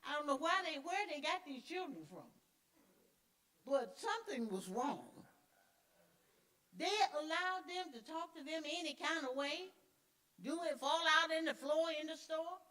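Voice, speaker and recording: A woman's voice: high-pitched, lively intonation, unhurried, long pauses, a bit bright. Emphatic woman teaching Sunday school. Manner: emphatic, repeats key words; conversational with call-and-response fillers. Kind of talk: church teaching.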